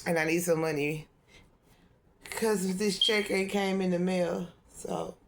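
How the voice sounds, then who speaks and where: A woman's voice: on the low side, slow pace, background noise. A woman tarot reader talking in a loose, rambling monologue, swearing freely and laughing often.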